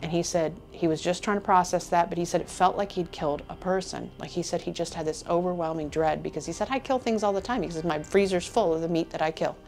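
Woman interviewee, lowish voice, earnest retelling with quoted lines, soft music bed. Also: fast talker, few pauses. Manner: earnest retelling that slips into quoting others. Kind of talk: casual storytelling.

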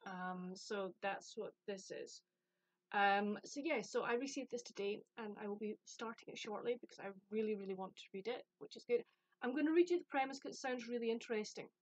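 A woman's voice: on the high side, normal speed, no echo, poor audio. A woman from the UK chatting casually about a book she received, rambling and self-deprecating. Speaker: book vlogger. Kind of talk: casual chat.

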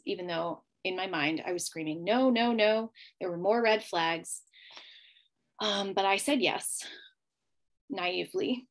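A woman hosting a podcast, candidly telling her own story with emotion and many fillers. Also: lowish voice. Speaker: podcast host. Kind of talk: personal storytelling monologue.

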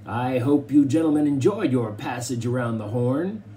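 A man's voice: mid-range voice, expressive, normal speed, dark tone, a little hiss or hum, natural voice. A man reading a storybook, voicing a hearty bearded ship captain who roars his lines. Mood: jovial. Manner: roaring, jovial.

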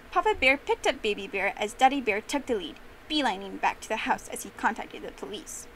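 A young woman telling a memorized story with expressive, animated narration. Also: a little high, slight background noise, poor audio. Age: young adult.

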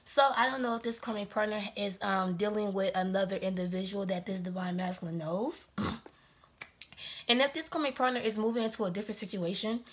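A woman's voice: medium pitch, a little fast, husky. A woman giving a casual, rambling tarot reading to her viewers, slightly out of breath and laughing often. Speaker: tarot reader.

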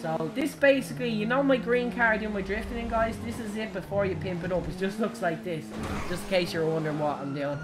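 A young Irish woman giving excitable, giggly live commentary while playing a driving game, shrieking at her crashes. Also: mid-range voice, brisk, heavy background noise. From Ireland. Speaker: game streamer. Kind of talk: live gaming stream commentary.

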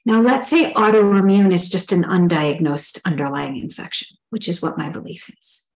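A woman's voice: on the low side, animated, moderate pace, low-quality recording. Middle aged woman teaching spiritual stuff, earnest, thoughtful, acts out little inner dialogues.

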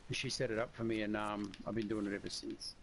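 Over noisy voice-chat audio during a game stream, a friend tells long, rambling anecdotes in a casual way. His lowish voice is creaky and fairly flat in pitch, and he talks fast.

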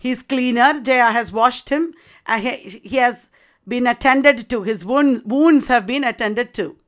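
A woman lecturer summarizing the plot of a play in a deliberate way, with occasional fillers and restarts. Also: on the high side. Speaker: literature lecturer.

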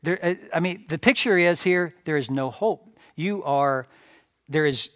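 A man's voice: fairly high pitch, measured pace, a bit bright, dry recording, studio quality. A man preaching a sermon as pastor, emphatic, repeating phrases and asking rhetorical questions. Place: church sanctuary.

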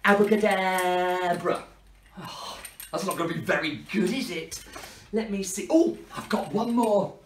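A man's voice: high voice, expressive, normal speed, slight background noise. Playful man running a kids' party. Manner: playful, mock-dramatic, talks to the children. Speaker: children's party entertainer. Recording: roomy, from a distance.

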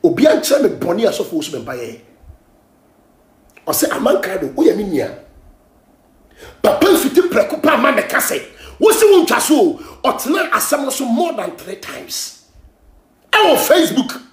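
A Ghanaian man hosting a gossip show, ranting and scolding in heated commentary, often shouting, switching between Twi and English. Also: very high-pitched, huge pitch swings, normal speed, echoey room.

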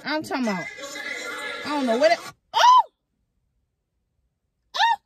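Excitable high-voiced woman reacting loudly. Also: quick pace, very noisy. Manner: excitable, loud exclamations and laughter; swears freely, talks to viewers directly. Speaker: reaction vlogger. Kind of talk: casual reaction commentary.

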